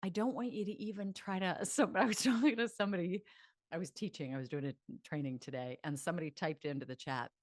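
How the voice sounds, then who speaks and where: A woman psychologist teaching self-help, chatty and animated, leading mantras aloud. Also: on the low side, fast talker, dry recording, studio quality.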